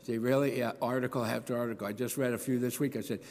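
A man's voice: medium pitch, steady tone, fast, a little mellow, a little hiss or hum. Man preaching in a reverberant hall. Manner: earnest preaching, acting out quoted voices. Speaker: pastor. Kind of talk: sermon.

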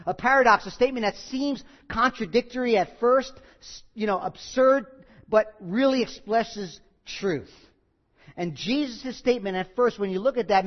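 Male pastor, sermon delivery; high-pitched, earnest with light humor; muffled recording. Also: moderate pace, big-room sound. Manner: earnest preaching with asides and small jokes.

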